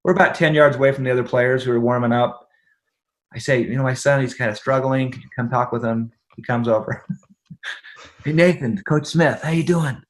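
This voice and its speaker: A man's voice: mid-range voice, steady tone, brisk. A middle-aged man, a podcast guest, telling a personal story in conversation; he acts out the dialogue and laughs often.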